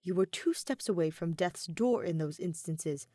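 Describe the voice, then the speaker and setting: A woman's voice: on the low side, expressive, normal speed, mellow, no echo, studio quality, close to an everyday voice. A woman voicing a proud, stern male doctor in a fan audio story, with formal, clipped speech. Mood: stiff.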